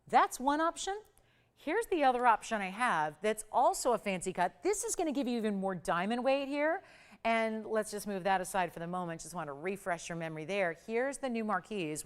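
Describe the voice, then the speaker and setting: A woman's voice: medium pitch, clean tone. A woman hosting a live TV jewelry shopping show, pushing deals with urgent, upbeat sales patter and counting prices down. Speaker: shopping channel host. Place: TV studio.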